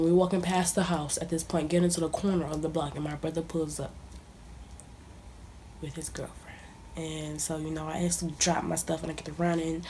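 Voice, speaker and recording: Young woman telling a story, soft dark voice. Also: sits low, slight background noise. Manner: casual, conversational, drops to near-whispers at times. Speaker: vlogger. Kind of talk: storytime monologue.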